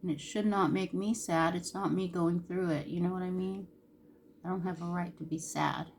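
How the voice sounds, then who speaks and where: Candid, chatty woman vlogger, soft-spoken. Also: fairly low pitch, steady tone, normal speed, creaky, slight background noise. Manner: candid, emotional, chatty with Southern-style "y'all". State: close to tears. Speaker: beauty vlogger. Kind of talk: casual makeup tutorial chat.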